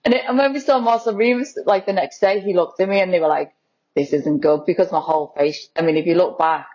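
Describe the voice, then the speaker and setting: A woman's voice: fairly low pitch, fast talker, a little mellow, lo-fi sound. A woman guest talking casually in an interview, chatty and laughing often. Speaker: guest, lookalike model.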